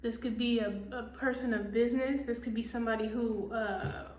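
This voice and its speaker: A woman's voice: a little high, fairly even intonation, fairly quick, a little mellow, distant mic, a little hiss or hum. A woman giving a casual tarot reading, blunt and profane, ranting heatedly. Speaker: tarot reader. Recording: echoey room, voice off-mic.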